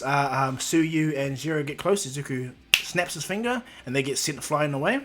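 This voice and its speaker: A man's voice: a little high, a bit bright, slight background noise. A man casually narrating a fan story off the cuff, with many fillers and restarts.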